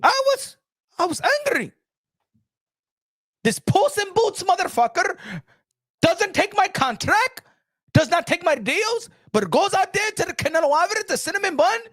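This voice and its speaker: A man's voice: extremely high pitch, sing-song, normal speed, long pauses, dry recording, studio quality, exaggerated voice. A man doing a comic impression of a scheming, bossy middle-aged boxing promoter who barks demands and repeats himself. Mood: indignant. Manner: demanding, repeats questions, bursts into shouts.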